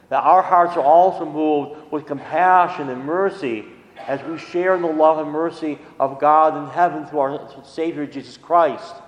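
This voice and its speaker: A man's voice: fairly high pitch, muffled recording. Man preaching in an echoey church. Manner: conversational, folksy asides. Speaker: priest. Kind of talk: sermon.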